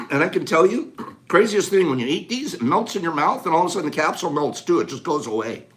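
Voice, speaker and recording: A man hosting a casual live chat, calling out items rapidly in a playful, animated way and joking with viewers indoors. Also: fairly high pitch. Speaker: livestream host.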